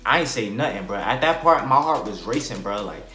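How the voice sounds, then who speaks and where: A man's voice: on the low side, lively intonation, fairly quick, bright, forceful tone. A young man from New Jersey telling a casual storytime, rambling and slangy, with lots of "bro" and "like". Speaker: vlogger. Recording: roomy with faint music.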